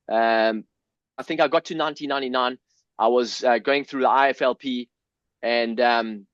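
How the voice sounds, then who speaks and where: A man's voice: medium pitch, fairly bright tone, no room sound. Earnest South African man, dull dry sound. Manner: earnest, emotional, swears, frequent restarts. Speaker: podcast guest. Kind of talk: candid personal storytelling.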